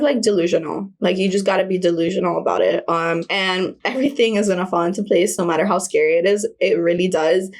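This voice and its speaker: A woman talks straight to her audience in a loose, rambling vlog, full of slang and filler words. Her pitch sits in an ordinary middle range, and she comes across as candid and unpolished. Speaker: self-help vlogger. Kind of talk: casual personal storytelling.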